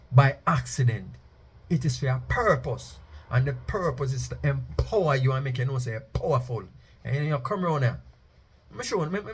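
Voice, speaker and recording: Husky-voiced man preaching. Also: mid-range voice. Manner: emphatic, chanting phrases for effect. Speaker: Rastafari speaker. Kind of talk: preaching monologue.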